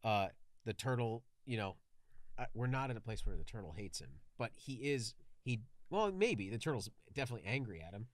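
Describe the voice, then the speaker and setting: Man, young adult, podcast co-host, casual, thoughtful, mid pitch, dry close sound. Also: sing-song, brisk, no room sound. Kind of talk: casual brainstorming chat.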